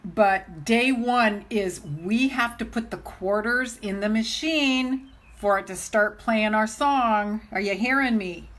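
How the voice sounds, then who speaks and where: A middle-aged woman and self-love coach talking casually on a live stream, gushing and excitable, laughing often as she speaks straight to her viewers. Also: mid-range voice, slow.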